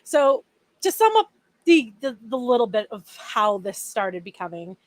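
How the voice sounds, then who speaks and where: A young woman co-hosting a podcast, recounting a story with lively energy and plenty of fillers. Her voice sits high, recorded dry and close. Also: measured pace, no room sound. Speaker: podcast co-host. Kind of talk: casual chat.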